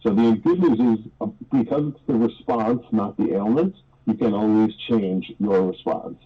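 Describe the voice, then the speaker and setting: A man's voice: on the low side, normal speed, husky. A man speaking as an economist guest on a radio talk show, explaining in an earnest, articulate way. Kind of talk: radio interview commentary. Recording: dull lo-fi radio audio.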